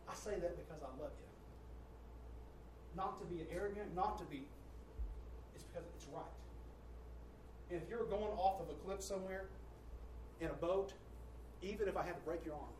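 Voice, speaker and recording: A man preaching as pastor to his congregation, reading quotes slowly and loudly with a preaching cadence. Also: high-pitched, noisy background. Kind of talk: sermon. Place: church sanctuary. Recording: echoey church from far off.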